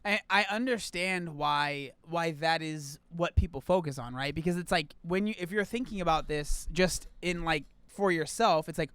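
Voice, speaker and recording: A man's voice: a little high, moderate pace, hardly any pauses, a bit bright, clear, resonant tone, no echo. A man hosting and reacting to a video in casual commentary, rambling with many fillers and restarts.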